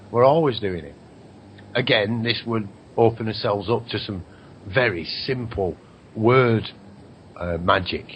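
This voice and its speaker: A man's voice: mid-range voice, highs cut off, a little hiss or hum. A man hosting a radio show, rambling through a spiritual monologue, swearing now and then and slipping into mocking voices for other people.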